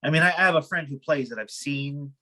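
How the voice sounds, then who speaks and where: Man with a bright, forceful voice. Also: a little high, fairly quick. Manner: brief reactions. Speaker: guest. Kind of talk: casual chat.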